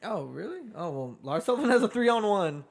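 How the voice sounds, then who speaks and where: A man co-hosting a wrestling podcast in casual chat, excitable, laughing and swearing often. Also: sits high, fairly quick, vocal fry. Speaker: podcast co-host.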